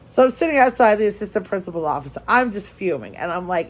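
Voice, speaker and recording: A woman vlogger telling a story in casual chat, lively and repeating phrases for emphasis. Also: mid-range voice, fast, few pauses. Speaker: crafting vlogger.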